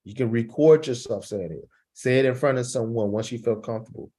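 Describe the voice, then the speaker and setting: A man's voice: a little fast, mellow. Encouraging male teacher coaching reading aloud. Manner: models sentences with strong rises in pitch for emphasis; encouraging, checks in with "right?" and "okay?". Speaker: English teacher.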